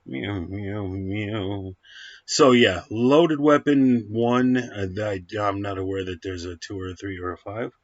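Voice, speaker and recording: A man's voice: fairly low pitch, fairly even intonation, normal speed, hardly any pauses, dry recording, highs cut off. A man rambling through a casual film review at home, full of fillers and restarts. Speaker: movie reviewer.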